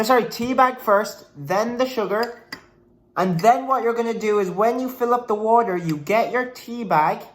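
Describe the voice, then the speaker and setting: A young man talking casually to the camera in a vlog, hyper and jokey, rambling from one thing to the next. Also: sits high. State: out of breath. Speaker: vlogger.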